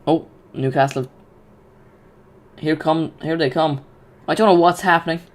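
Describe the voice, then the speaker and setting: Male streamer, slightly high voice, excitable live football watch-along commentary, rambling. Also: a little slow. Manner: excitable, chatty, rambling with restarts.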